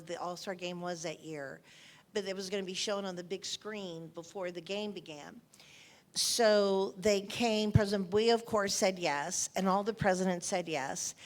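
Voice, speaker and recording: Older woman telling emotional stories. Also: fairly low pitch. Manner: anecdotal, emotional, repeats phrases. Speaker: interviewed author. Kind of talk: onstage interview storytelling.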